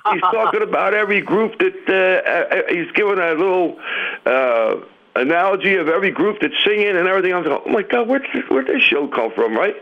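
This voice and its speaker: Guy calling in on the phone, kinda high voice, dull lo-fi line, tells stories with lots of quotes. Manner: animated storyteller, acts out quotes. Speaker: caller, musician. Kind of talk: phone-in storytelling.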